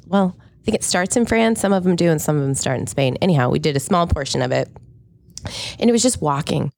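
A woman's voice: low voice, creaky, a little mellow. A woman in her thirties co-hosting a podcast in casual, enthusiastic chat, laughing often. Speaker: podcast co-host.

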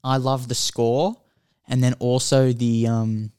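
Smooth-voiced man chatting about films. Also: mid-range voice, slow, no room sound, clean studio sound. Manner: rambling, animated storytelling with filler words. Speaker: podcast co-host. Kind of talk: casual film chat.

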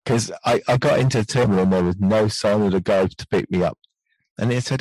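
British male podcast host, gentle and unhurried, dry close sound. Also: on the low side, no echo, rough recording. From United Kingdom. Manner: gentle, soft-spoken podcasting voice. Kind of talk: casual podcast chat.

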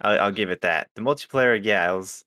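Man, very low voice, matter-of-fact know-it-all, dry mic. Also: a little fast, sharp tone, dry recording. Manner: matter-of-fact, correcting others. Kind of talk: casual chat.

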